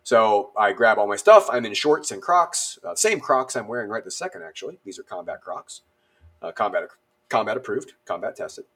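A man's voice: on the low side, expressive, moderate pace, fairly bright tone, slightly rough. A man on a podcast, telling a story casually and animatedly, with a self-deprecating humor and many fillers. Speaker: podcast guest.

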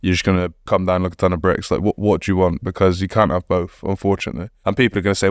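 Fast-talking low-voiced man. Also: little pitch movement, dry recording, studio quality. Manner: fast, blunt, swears, laughs often. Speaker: podcast guest. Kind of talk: casual chat.

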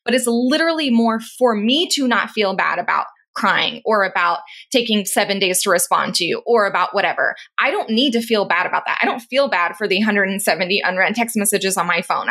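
A woman's voice: fairly high pitch, sharp tone. A woman co-hosting a podcast in casual chat, candid and self-deprecating, often breaking into laughter. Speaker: podcast co-host.

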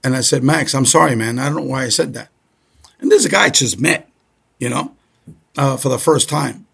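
A man's voice: mid-range voice, animated, brisk, gravelly, fairly bright tone, husky. A middle-aged man from Cuba telling a story in a casual way, often checking in with "okay?". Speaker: guest.

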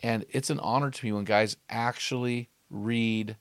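A man's voice: medium pitch, moderate pace, no echo. Storytelling male podcast host, dry sound. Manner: animated storyteller, acts out quotes. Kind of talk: casual storytelling chat.

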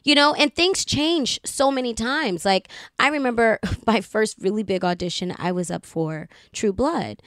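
An actress from Baltimore telling a lively story as a guest on a casual chat show, slipping into the voices of the people she quotes. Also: a little high, unhurried, few pauses, dry recording, studio quality.

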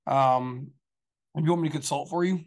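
A man's voice: on the high side, moderate pace, a little mellow. A man talking casually on a show, telling a long story in a rambling, profane way full of fillers. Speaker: show regular. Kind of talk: casual chat.

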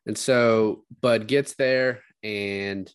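A man's voice: fairly low pitch, steady tone, extremely slow, clear, resonant tone, no room sound. A man co-hosting a casual film chat, rambling and swearing freely as he retells scenes. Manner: rambling, profane, acts out quotes. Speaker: podcast co-host discussing a film.

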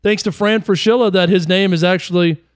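A man co-hosting a sports talk show, telling stories in an animated way. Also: sits high, brisk, clear, resonant tone, dry recording, clean studio sound. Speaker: sports radio co-host.

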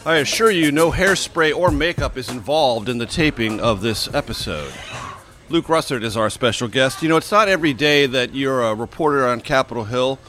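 A man in his sixties hosts a relaxed interview, dry and wry in his asides. His pitch is ordinary for a man. He keeps the conversation moving along. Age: 60s. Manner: wry, steering the talk. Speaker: podcast host. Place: bar.

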